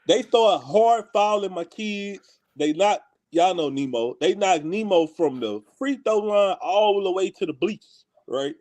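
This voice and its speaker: A high-voiced man with a Houston accent tells a story among friends. He is animated and slangy and laughs along the way. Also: a little slow, hardly any pauses. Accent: Houston, Texas. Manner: animated, laughs while telling stories, slangy. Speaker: podcast co-host.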